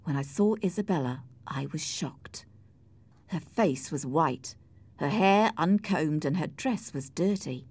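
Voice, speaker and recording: A woman narrating a storybook in a measured, clear reading voice. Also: sits low, expressive, a little mellow.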